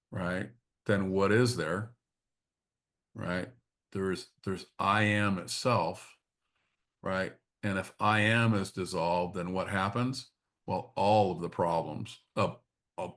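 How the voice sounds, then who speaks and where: Low-voiced man leading a reflective teaching talk. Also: a bit bright. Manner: halting, repeats words, frequent tag questions. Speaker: spiritual study group leader.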